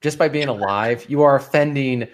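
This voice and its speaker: A man's voice: medium pitch, normal speed. A man who is a podcast guest, teasing the others in a wry way. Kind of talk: casual podcast chat.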